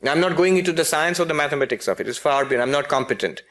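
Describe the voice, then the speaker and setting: A man's voice: on the high side, lively intonation, rapid-fire, a bit bright. A man, a spiritual teacher, giving a philosophy lecture with humorous storytelling and frequent self-corrections.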